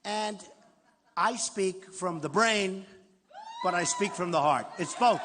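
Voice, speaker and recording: A man's voice: sits high, slow, pauses often. Older man with a New York accent giving a rambling, boastful rally speech. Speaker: political candidate at a rally. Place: large hall with crowd. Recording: roomy hall reverb, faint crowd noise.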